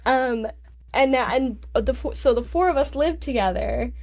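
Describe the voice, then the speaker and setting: A young woman, a DJ and singer, telling a personal story in a podcast interview, halting and restarting, laughing through tears. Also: sits high, a little mellow. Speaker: guest, DJ and vocalist.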